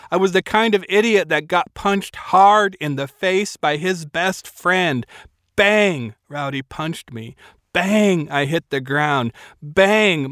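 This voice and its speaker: A man's voice: high voice, fairly bright tone, dry recording, clean studio sound. Wry man narrating an audiobook. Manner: wry, self-mocking storytelling. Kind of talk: first-person audiobook narration.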